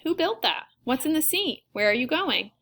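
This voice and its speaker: A woman reading an audiobook, voicing an eager, excitable girl in a wheelchair in a high, bubbly, breathless voice. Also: normal speed, exaggerated voice. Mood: excited.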